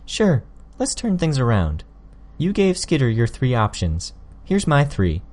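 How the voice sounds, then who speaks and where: A man reading an audiobook, voicing a sly, smug young woman who needles her opponents with quick, pointed jabs. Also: medium pitch, huge pitch swings, a little mellow, pitched above the performer's own voice. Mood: taunting.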